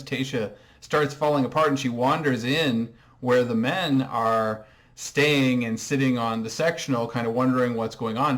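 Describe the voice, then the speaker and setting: A man's voice: medium pitch, a bit bright. A man hosting a comedic TV recap monologue, talking in a dry, sarcastic way. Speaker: recap host.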